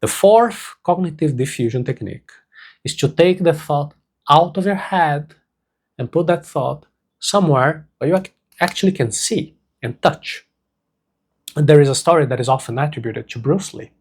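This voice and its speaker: A man teaching a self-help lesson, speaking slowly and deliberately and repeating key words for emphasis. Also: on the high side, husky. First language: Portuguese.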